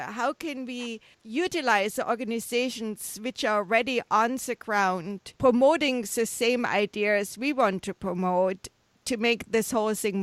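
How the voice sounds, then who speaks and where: Friendly higher-voiced woman hosting a podcast. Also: no room sound. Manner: friendly, laughs easily. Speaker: podcast host. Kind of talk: casual podcast conversation.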